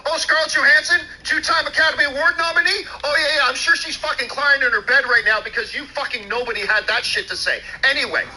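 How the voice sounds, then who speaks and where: A man's voice: very high-pitched, fairly even intonation, fast talker, few pauses, bright, forceful tone, slight background noise, poor audio. A man hosting a talk show, delivering an angry, profane and sarcastic rant, mocking as he goes. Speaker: show host. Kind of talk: angry ranting commentary.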